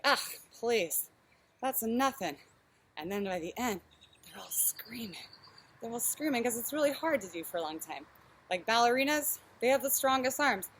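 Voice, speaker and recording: A woman's voice: on the high side, poor audio. Chatty woman leading a home workout. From Texas. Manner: chatty and candid, talks while exercising. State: straining from a shoulder exercise. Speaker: fitness instructor.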